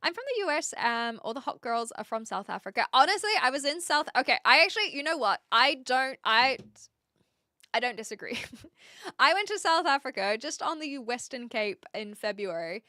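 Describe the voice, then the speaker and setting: A woman's voice: high voice, sing-song, moderate pace, sharp tone, dry recording, clean studio sound. A woman with an Australian accent, chatting casually on a livestream and answering viewers' comments aloud. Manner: chatty, reads chat aloud and replies, laughs often. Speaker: livestream host. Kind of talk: casual chat with live viewers.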